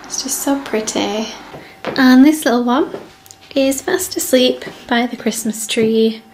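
A woman's voice: on the high side, measured pace, darkish tone. A woman chatting casually in a home vlog, gushing and sing-song with her dogs, a little stuffed up and out of breath. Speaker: vlogger. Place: home living room. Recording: echoey room with faint noise.

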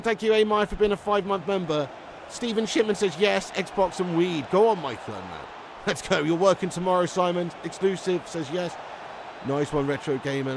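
A man doing live commentary on his game stream, excitable, yelling at plays and chatting with viewers. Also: high voice, vocal fry, slight background noise.

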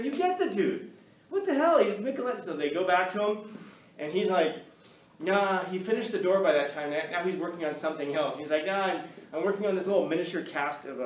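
A male teacher telling a story to his class in an animated way, acting out the voices of the people in it. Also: on the high side, a little hiss or hum. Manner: animated, acts out quoted voices. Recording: echoey classroom, mic from far off.

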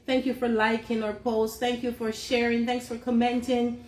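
A woman's voice: fairly high pitch, level tone, normal speed, a little mellow, reverberant. A woman hosting a casual livestream on a phone in a holder, laughing often as she reads out viewer names. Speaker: livestream host.

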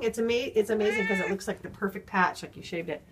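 A woman's voice: medium pitch, lively intonation, brisk, background noise. A woman playing with cats and talking to them in sing-song baby talk in a home video. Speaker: cat caretaker. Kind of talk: cooing at cats.

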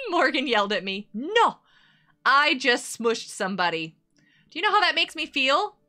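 A woman's voice: high voice, sing-song, unhurried, pushed and bright, soft background music. A woman streaming a game live, chatting with her viewers in a bubbly, giggly way. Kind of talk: casual live-stream chatter while gaming.

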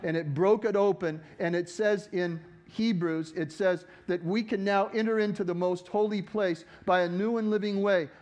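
A man's voice: sits high, steady tone, normal speed, hardly any pauses, darkish tone. A male pastor preaching a sermon with fervent, rising exhortation, his voice cracking.

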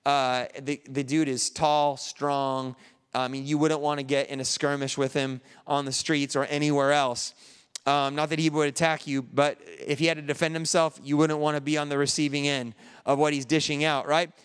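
A man's voice: fairly high pitch, level tone, moderate pace, clean tone, long reverb tail. A man, a pastor, preaching an earnest, conversational sermon while grieving.

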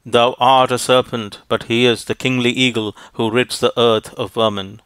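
A man voicing a grieving, faithful young princess in a storybook reading, in a measured, even tone. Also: medium pitch, smooth, no room sound, natural voice. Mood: defiant.

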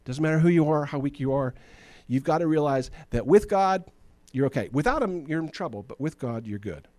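A man's voice: a little high, lively intonation, brisk, a little mellow, a little hiss or hum. A man preaching a sermon as pastor, in a chatty, joking way, often acting out the people in his stories. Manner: conversational and joking, acts out Bible figures.

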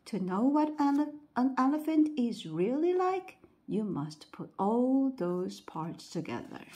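A woman reading the part of a wise, gentle prince in a bedtime storybook. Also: a little high, a little slow, pitched above the performer's own voice. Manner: calm, kindly explaining.

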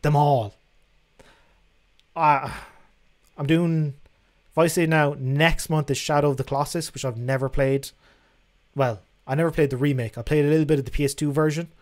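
A man's voice: fairly high pitch, fairly even intonation, moderate pace, pauses often. A young man hosting a casual livestream, reading out viewer questions and answering them in a frank, chatty way that includes casual swearing. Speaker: livestream host.

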